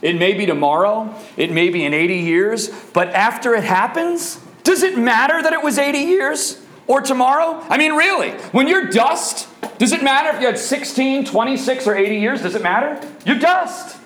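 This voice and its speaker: Male preacher, high and animated, emphatic sermon delivery in a roomy hall. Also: moderate pace. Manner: emphatic, asks the audience rhetorical questions. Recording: echoey room.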